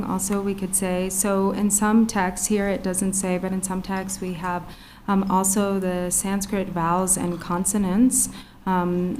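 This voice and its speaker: Halting woman interpreter, flat voice. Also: on the low side, a little hiss or hum. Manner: halting, many filler sounds. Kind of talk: interpreting a Buddhist teaching.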